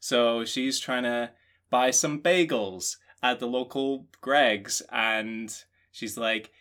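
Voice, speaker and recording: A Scottish man co-hosting a podcast, riffing through jokes in a deadpan, rambling way. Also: mid-range voice, slow. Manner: deadpan, rambling joking riffs. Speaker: podcast co-host. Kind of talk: comedic casual chat.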